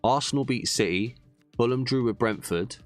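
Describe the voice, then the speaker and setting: A young man commentating on a football video game, veering between excited shouts at goals and muttered frustrated grumbling. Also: mid-range voice, moderate pace, soft background music. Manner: animated, bursts into shouts at goals. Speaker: gaming YouTuber. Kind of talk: gameplay commentary.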